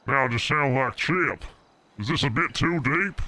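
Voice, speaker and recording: A man's voice: medium pitch, normal speed, bright, forceful tone, no room sound. A young man streaming, muttering to himself while he tests his voice settings. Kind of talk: casual livestream chat.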